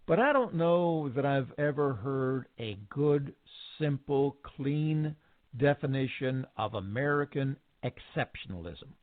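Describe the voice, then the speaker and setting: A man's voice: mid-range voice, expressive, measured pace, no room sound. A man hosting a radio interview, asking questions in a playful, teasing way. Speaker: radio host. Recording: tinny phone-like sound, dry.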